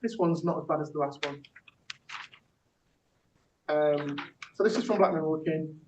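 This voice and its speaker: Heard with slight background noise, a man with a fairly high, a little mellow voice speaks at a measured pace. He's running a teaching workshop, chatting loosely with lots of fillers and restarts and breaking into a spoken-word poem, in a large echoey room recorded in a roomy, distant, dull way.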